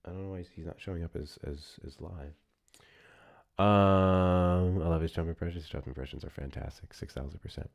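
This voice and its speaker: A man's voice: low-pitched, moderate pace, gravelly. An American man hosting a political livestream, chatting casually, swearing often and laughing between points. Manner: profane, animated, laughing asides. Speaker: livestream host.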